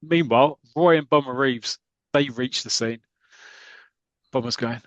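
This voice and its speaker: A man in a mid-pitched voice retells a comic plot in a casual, rambling way, often restarting his sentences. He is a podcast co-host talking to a friend. The recording is dry and close. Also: a little slow, long pauses, no echo, low-quality recording.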